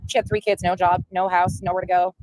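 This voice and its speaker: A woman streamer rants fast and blunt, swearing freely. Her voice is on the low side, and the recording is dry and close. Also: level tone, darkish tone, no room sound, low-quality recording. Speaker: streamer in the reviewed clip. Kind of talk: livestream rant.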